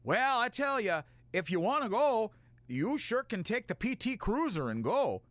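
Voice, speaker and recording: A man's voice: high-pitched, big pitch swings, unhurried, a bit bright, no room sound, voice pushed up, heavily acted. A man voicing a cheerful woman radio station manager with a folksy Upper Midwest accent. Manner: folksy, sing-song.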